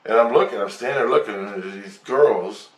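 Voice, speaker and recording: A man telling a rambling story of a vision, excitable, swearing and acting out voices. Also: fairly low pitch, a little fast. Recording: roomy, distant from mic.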